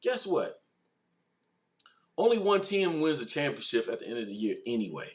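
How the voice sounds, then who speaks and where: Male stream host, animated and slangy, average pitch, riffing with chat. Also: normal speed. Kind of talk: casual livestream talk, reading chat comments.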